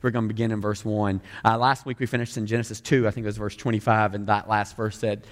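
A male pastor with a Southern American accent, preaching a sermon in a lively, conversational way with joking asides to the crowd. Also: fairly low pitch, fast. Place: large room with a couple hundred people. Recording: long hall reverb.

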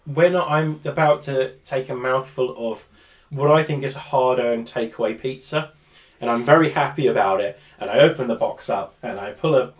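Male podcast co-host, laid-back, mid-pitched, sentences fade out, off-mic. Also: moderate pace, recorded from a distance. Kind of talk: casual gaming podcast chat.

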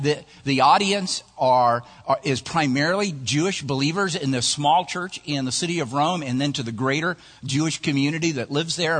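Animated male pastor in a reverberant church. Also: a little high. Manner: animated storytelling, chuckling at his own jokes. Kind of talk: sermon. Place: church sanctuary. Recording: long church-hall reverb.

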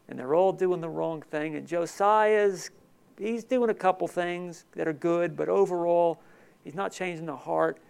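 A man preaching a sermon with emotion, swinging between loud emphatic passages and soft hushed ones. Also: a little high, vocal fry, smooth. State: tearful. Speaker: pastor.

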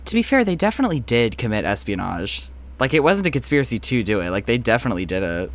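A man co-hosting a casual podcast, reacting to the story with quick jokes and frequent swearing. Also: mid-range voice, big pitch swings. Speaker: podcast co-host reacting to the segment.

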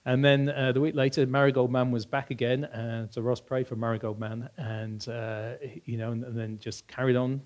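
A man's voice: medium pitch, normal speed, hardly any pauses. A middle-aged man preaching a sermon in a church, conversational and anecdotal, often restarting phrases and lifting his voice for emphasis. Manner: animated, raises voice for emphasis. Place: church hall.

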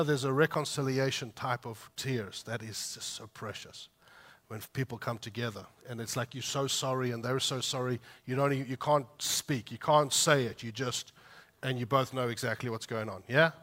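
Bright-voiced man preaching with feeling. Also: mid-range voice, fairly even intonation, normal speed. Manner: heartfelt, builds to loud emphatic peaks then drops soft; conversational asides with light laughs. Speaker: pastor. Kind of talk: sermon.

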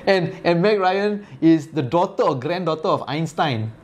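A Malaysian man in his forties speaks Malaysian-accented English in a high-sitting, animated voice at a measured pace. It's a casual chat, and he rambles, using lots of fillers and laughing often.

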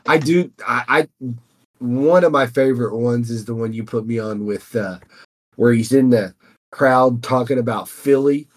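A man's voice: medium pitch, unhurried. A man co-hosting a casual podcast, talking in a rambling, drawling way. He often stops and restarts mid-sentence while he is telling a story. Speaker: podcast co-host. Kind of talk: casual chat.

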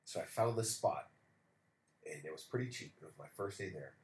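A deep-voiced man talks briskly as a podcast co-host, swearing freely while he tells animated stories in casual chat. The room is echoey, with faint background noise.

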